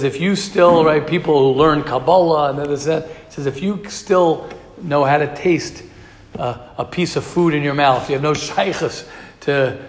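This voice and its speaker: A man giving a Torah class to young students, emphatic and repeating key phrases, mixing in Hebrew and Yiddish terms. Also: fairly high pitch. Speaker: Torah teacher. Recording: echoey hall.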